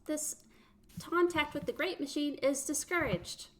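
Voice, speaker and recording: A worn-out little machine creature, as a woman puts it on protests in a high, raised, exasperated voice. Every line sounds emphatic and fed up. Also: unhurried, fairly bright tone, slight background noise. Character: exasperated tired little machine, flying saucer.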